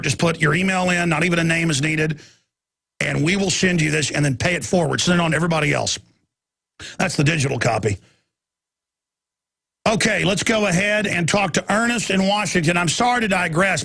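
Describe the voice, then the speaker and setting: Gravelly radio host ranting. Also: male voice, brisk, a bit bright. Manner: mimics mocking voices in high squeals. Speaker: radio talk show host. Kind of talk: rambling storytelling rant.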